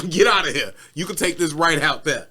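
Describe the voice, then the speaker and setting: A man's voice: on the high side, normal speed. A man co-hosting a podcast, chatting casually and telling a story with slang and cursing. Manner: animated storytelling, acts out voices with cursing. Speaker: podcast co-host. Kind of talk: casual chat.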